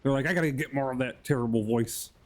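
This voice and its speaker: A man's voice: mid-range voice, fast talker, lightly acted. A man doing an impression of a cheerful frog puppet, talking in a nasal, bouncy voice over a live stream. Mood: chatty.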